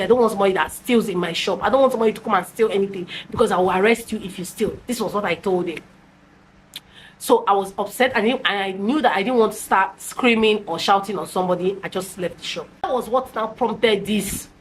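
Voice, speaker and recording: A Nigerian woman telling a personal story to her viewers in an animated, casual way, slipping into Pidgin with many restarts and fillers. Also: medium pitch, a little hiss or hum, low-quality recording. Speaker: storytime vlogger.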